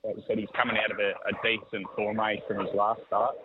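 A man, a horse trainer talking over the phone in a halting, easygoing way that repeats words. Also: fairly low pitch, little pitch movement. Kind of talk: phone interview. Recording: tinny phone line with faint noise.

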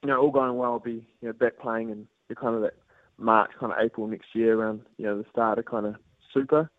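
A young man from New Zealand with a New Zealand accent, calling in to a radio show for casual chat, relaxed and laughing along. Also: medium pitch, fairly quick, no room sound. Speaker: guest on the phone. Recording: tinny phone line.

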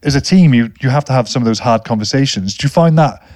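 A man's voice: medium pitch, quick pace, a little mellow, no room sound, studio quality. A man hosting a podcast, asking long, thoughtful questions in a conversational tone. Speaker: podcast host, interviewer. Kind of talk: conversational interview.

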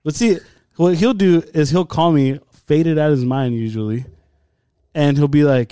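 A young man with a slightly high voice tells a story to his friends in loose, profane podcast chat. He is animated and quick to laugh along. The sound is dry and close. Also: clear, resonant tone, dry recording. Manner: animated storyteller, swears freely. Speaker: podcast host. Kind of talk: casual chat.

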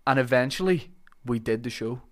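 A man, hosting a podcast in casual chat and telling long, animated stories. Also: mid-range voice, normal speed. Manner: animated anecdote teller, acts out shouted quotes. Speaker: podcast host.

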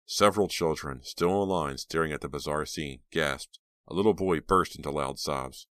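A man narrating an audiobook in a steady, measured storytelling manner. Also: a bass voice, dry recording, clean studio sound. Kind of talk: scripted narration.

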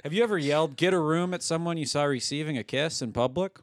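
A man's voice: on the high side, quick pace, no room sound, studio quality. A man co-hosting a comedy podcast, asking playful game questions and laughing along easily.

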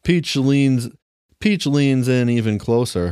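A man's voice: medium pitch, lively intonation, moderate pace, a little mellow, no echo, studio quality. Laughing man reading a text game. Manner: laughs often, reads narration aloud. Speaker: player reading an AI story game aloud.

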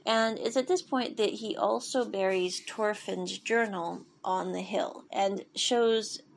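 A woman's voice: medium pitch, steady tone, slow, gravelly, slight background noise. A woman casually recapping a story, rambling and digressive with many fillers and restarts. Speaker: show recapper.

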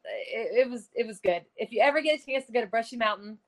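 A woman's voice: fairly high pitch, fast talker, low-quality recording. A middle-aged woman, a medium telling a ghost-hunting story in casual conversation. She talks earnestly and dramatically, with many "you know" fillers.

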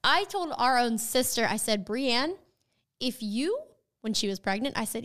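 Woman, 30s, co-host; bright-pitched, lively storyteller, heavy on "like". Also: a little slow. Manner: animated storyteller, says "like" often. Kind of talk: casual chat.

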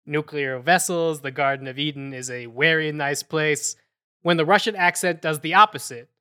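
A man's voice: fairly high pitch, moderate pace, sharp tone, clean tone, no echo, clean studio sound. A man co-hosting a podcast, chatting casually and laughing, thinking aloud with fillers. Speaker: podcast co-host. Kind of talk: casual chat.

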